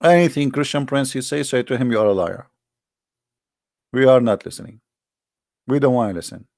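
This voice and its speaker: A man hosts a livestream and tells stories in animated, broken English, speaking directly to viewers. His mid-pitched voice has a gravelly edge. The sound is dry and close. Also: brisk, no room sound. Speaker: livestream host. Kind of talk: casual livestream storytelling.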